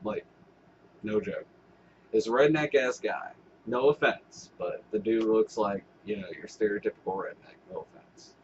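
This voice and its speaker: A man's voice: on the low side, a little slow, muffled recording, slight background noise. Rambling, foul-mouthed male vlogger. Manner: rambling, swearing, laughing asides. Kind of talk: casual vlog commentary.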